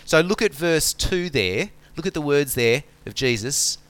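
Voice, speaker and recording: A male preacher giving a conversational sermon. He talks in a relaxed, chatty way, like someone explaining things to friends. He often stops to ask his listeners rhetorical questions. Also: on the high side, measured pace, no room sound.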